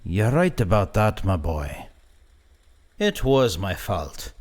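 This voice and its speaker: A man voicing a frail, stubborn old grandfather who speaks slowly and gruffly in an audio story. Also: on the low side, very animated, darkish tone, full character voice. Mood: gentle.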